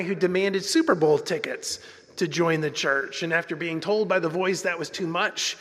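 A man's voice: on the high side, moderate pace, a bit bright. A male pastor delivering an earnest, conversational sermon in a church, sometimes restarting his phrases. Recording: long reverb in a large hall.

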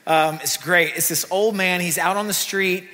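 A man preaching a sermon in a church, talking in a lively, conversational way with asides to the congregation. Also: sits high, moderate pace. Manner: animated, conversational preaching with asides and acted quotes. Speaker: pastor. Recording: long reverb of a church hall.

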